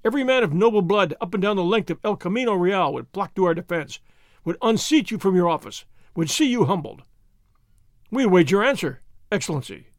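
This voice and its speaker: A man's voice: high-pitched, expressive, brisk, no room sound, studio quality. A man voicing a commanding young caballero. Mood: stern. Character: proud young noble caballero leader, commanding.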